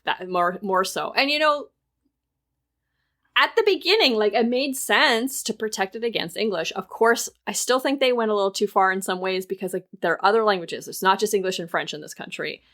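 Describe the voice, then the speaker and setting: A chatty woman co-hosts a casual podcast. She explains things at length, winding through fillers and restarts. Her voice sits at a middling pitch. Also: expressive, brisk, fairly bright tone. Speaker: podcast co-host. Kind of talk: casual chat.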